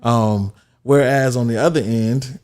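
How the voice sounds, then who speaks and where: A man from Florida hosting a casual chat about TV shows, relaxed, with lots of fillers and "you know". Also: medium pitch, unhurried. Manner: laid-back, many fillers and "you know". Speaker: host.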